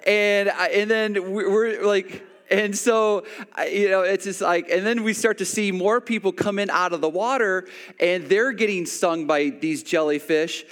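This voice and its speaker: A man's voice: high voice, measured pace, a bit bright, big-room sound. A man preaching a sermon, telling a personal story with many restarts and acted-out quotes. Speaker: pastor.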